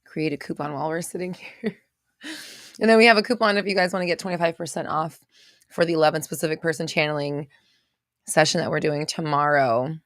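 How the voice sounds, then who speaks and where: A woman's voice: deep voice, brisk, a bit bright, no room sound, clean studio sound. A woman hosting a casual livestream, greeting viewers by name and reading out their comments in a chatty way. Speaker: livestream host.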